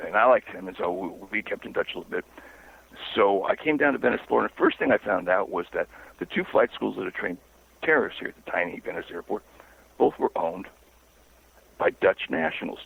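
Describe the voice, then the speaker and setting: A low, gravelly man speaks over a tinny phone line. He is an investigative author on a phone-in interview. His storytelling is halting and wry, with a husky edge.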